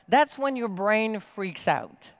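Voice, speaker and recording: A woman giving a motivational talk from a conference main stage, energetic and emphatic, with big swings in pitch. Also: slow, no echo. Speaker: keynote speaker.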